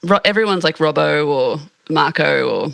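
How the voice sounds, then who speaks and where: Gravelly bright woman host. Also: sits low, expressive, no echo. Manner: chatty, quick questions. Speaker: podcast host. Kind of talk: casual interview.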